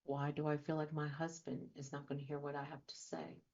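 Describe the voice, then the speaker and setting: A woman's voice: sits low, completely flat delivery, fairly quick, a little mellow. A woman hosting a radio talk show as a trauma and life coach, talking earnestly and asking many rhetorical questions. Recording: dull lo-fi audio.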